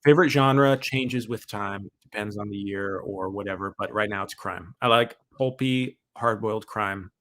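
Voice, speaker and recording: A man's voice: lowish voice, normal speed, hardly any pauses, fairly bright tone, dry recording. A man hosting a casual question-and-answer chat, rambling and joking with many hesitations. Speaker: channel host.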